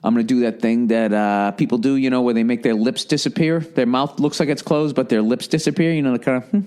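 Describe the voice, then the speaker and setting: A man hosting his own podcast in a loose, rambling rant. His voice sits at an ordinary middle pitch, and he swears freely. He mocks himself as he goes. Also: fairly even intonation, quick pace, a little mellow, clear, resonant tone. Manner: profane, rambling, self-mocking, mimics people in put-on voices. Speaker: podcast host. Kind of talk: casual rant.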